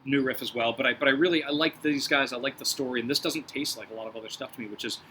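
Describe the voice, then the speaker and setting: A man with a bright, forceful voice hosts a relaxed whiskey tasting chat. He sits at a middle pitch and works through aromas and flavors in a measured, reflective way. A faint hum of room noise sits behind him. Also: low-quality recording. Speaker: whiskey reviewer host. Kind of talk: casual tasting review chat.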